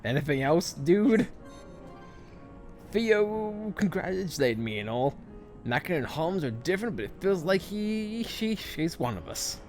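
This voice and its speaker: A man hosting a let's play, joking and excitable as he comments on the game. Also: sits high, a little slow, faint music behind. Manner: excitable, jokey, laughs often. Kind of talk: gameplay commentary.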